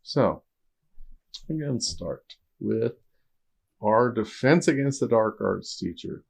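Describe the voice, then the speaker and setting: Male podcast co-host, deliberate pace, dry and sarcastic delivery. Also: fairly low pitch, animated, gravelly, slightly rough. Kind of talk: casual film discussion.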